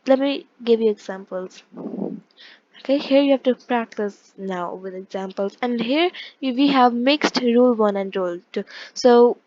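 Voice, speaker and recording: A woman with a fairly high voice teaches an online language lesson, working through rules step by step and often stopping to correct herself. The recording is dry and close, with a slightly dull, muffled top end. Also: moderate pace, a little mellow, dry recording. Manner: explains step by step, with frequent self-corrections and fillers.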